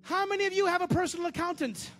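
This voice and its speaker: A man with a strikingly high voice preaches a sermon, jumping from loud, driven lines to low, quiet asides. He repeats phrases over and over to drive them home. Soft music plays faintly underneath. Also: racing. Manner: preaches with sudden swings from loud bursts to low murmurs. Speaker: pastor.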